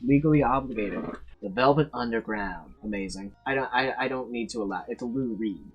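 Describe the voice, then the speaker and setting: Profane ranting young man, husky voice. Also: medium pitch, fairly quick, lo-fi sound, faint music behind. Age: 20s. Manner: blunt, profane, emphatic rants with frequent restarts. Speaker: tier list video creator. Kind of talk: casual opinionated ranking monologue.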